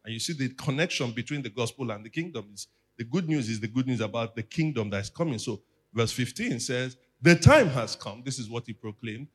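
A man's voice: medium pitch, expressive, brisk, husky. Male pastor, mid-range voice, preaches a teaching sermon and draws the congregation in. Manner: teaching, asks the congregation to repeat after him. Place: church.

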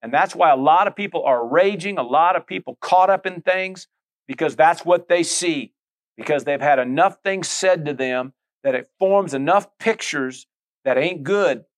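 A man's voice: a little high, moderate pace. A middle-aged male pastor preaching a conversational sermon, full of asides, repeated phrases and calls to the listeners.

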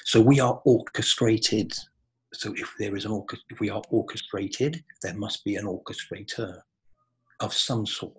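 A man's voice: fairly low pitch, moderate pace, slightly rough, rough recording. A man talking earnestly and reflectively in a spiritual conversation on a podcast.

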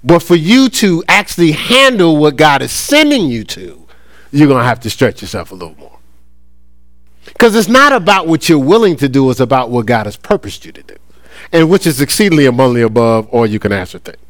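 A middle-aged pastor with a drawl preaches in an animated, conversational way, his pitch leaping up and down as he acts out playful little voices. His voice sits a touch higher than most men's. The sound is dry and close. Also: a little fast, no echo. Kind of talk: sermon.

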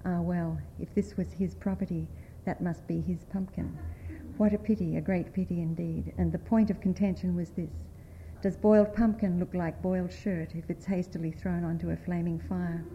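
A woman's voice: lowish voice, dull audio, a little hiss or hum. Woman reading a story aloud. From United States. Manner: measured, expressive storytelling. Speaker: writer reading at a panel.

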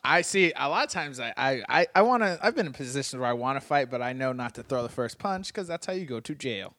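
A man's voice: mid-range voice, expressive, fast, pushed and bright, no room sound, studio quality. A young man co-hosting a podcast, chatting casually in an easygoing way and laughing often. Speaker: podcast co-host, comedian. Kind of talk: casual chat.

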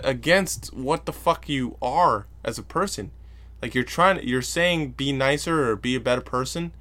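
Profane ranting man on a podcast. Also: mid-range voice. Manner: profane, ranting, mocks others in loud voices. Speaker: podcast host. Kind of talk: casual solo podcast rant.

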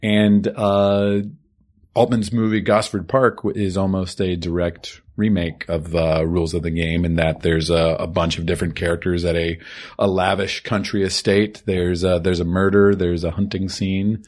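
A man co-hosting a podcast, calmly summarizing and explaining an old film in casual talk. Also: sits low, normal speed. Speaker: podcast co-host.

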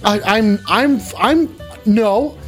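A man hosting a crude comedy live stream, taking callers and talking loud and profane, often bursting into yelling. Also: sits high, very slow, faint music behind.

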